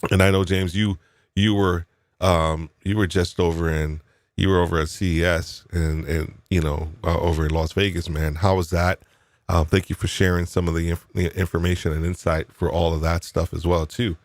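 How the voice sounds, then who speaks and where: Recorded dry, a New York man with a low-sitting voice speaks in a level tone at normal speed while hosting a live podcast chat. He teases his guests playfully and reflects as he goes, with plenty of fillers and restarts.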